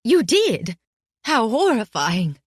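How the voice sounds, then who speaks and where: A woman's voice: fairly high pitch, very animated, moderate pace, no room sound, pitched above the performer's own voice. A stern middle-aged headmistress, voiced by a woman narrator, clipped and exasperated, her voice lifted above the narration. The recording is dry and close.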